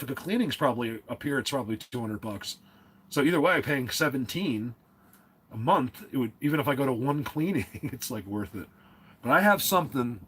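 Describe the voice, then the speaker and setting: A man's voice: mid-range voice, a bit bright, breathy edge. A man from New Jersey hosting a casual livestream, rambling along with lots of fillers and restarts. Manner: rambling, filler-heavy, self-interrupting. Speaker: livestream host.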